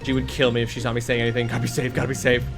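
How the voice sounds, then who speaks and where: A man's voice: medium pitch, completely flat delivery, racing. A young man live-streaming a game, bantering with chat, joking and swearing as he rambles. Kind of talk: casual live-stream chat while gaming. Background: game music.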